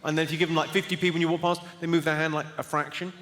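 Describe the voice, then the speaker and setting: Deadpan comic in a big echoey hall. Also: male voice, on the high side, a little hiss or hum. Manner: deadpan, brisk, teasing the audience. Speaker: stand-up comedian. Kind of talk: stand-up comedy with crowd work. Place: large theatre stage with a live audience. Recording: echoey theatre hall, loud audience.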